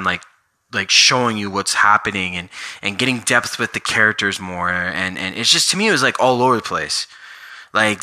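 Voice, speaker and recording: Sharp-voiced man ranting casually. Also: fairly low pitch. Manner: rambling, filler-heavy, exasperated. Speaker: vlogger reviewing a movie. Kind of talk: casual rant.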